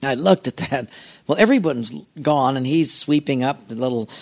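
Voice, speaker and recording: A middle-aged male pastor telling a humorous, self-mocking anecdote in an animated storytelling way. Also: mid-range voice, normal speed.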